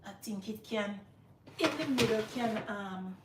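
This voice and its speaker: A woman's voice: medium pitch, measured pace, heavy background noise. A middle-aged Jamaican woman hosting a casual cooking livestream from her home kitchen, chatting with viewers and repeating herself often.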